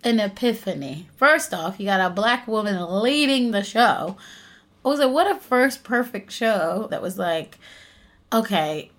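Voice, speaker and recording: Lively young woman telling her story. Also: medium pitch, a little slow. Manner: animated storytelling, laughs often. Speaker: interview guest, stage actress and singer. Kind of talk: casual interview chat.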